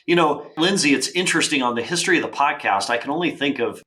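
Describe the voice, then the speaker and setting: A man's voice: fairly high pitch, lively intonation, quick pace, pushed and bright. A man hosting a podcast, enthusiastic and effusive in casual conversation, often laughing. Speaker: podcast host.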